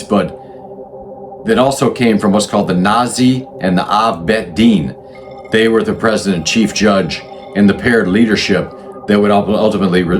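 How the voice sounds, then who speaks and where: A man hosting a history talk, explaining in a loose, unscripted way with frequent restarts and self-corrections. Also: on the low side. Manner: conversational, thinks aloud with restarts and self-corrections. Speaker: channel host explaining religious history.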